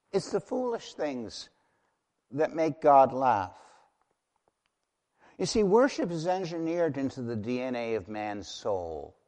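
A man preaching a sermon as pastor, emphatic and building to loud declarations. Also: fairly high pitch, big-room sound.

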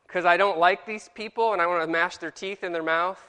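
A man's voice: sits high, fairly even intonation, brisk, pushed and bright, smooth, long reverb tail. A man leading an informal Bible study, reading verses aloud with exaggerated inflection and joking about himself. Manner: casual, self-deprecating, reads verses aloud with exaggerated inflection. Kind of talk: informal Bible class teaching.

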